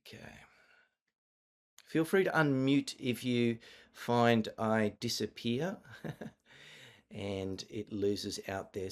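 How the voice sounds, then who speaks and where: Slightly low-voiced man teaching online. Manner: conversational, hesitant with frequent fillers and restarts. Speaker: marketing workshop presenter. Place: online video call session.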